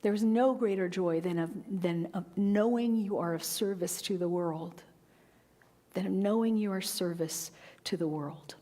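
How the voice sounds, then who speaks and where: A middle-aged woman minister giving a sermon, expressive, rising for quotes and dropping to a near whisper. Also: medium pitch, measured pace. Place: church sanctuary. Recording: long hall reverb.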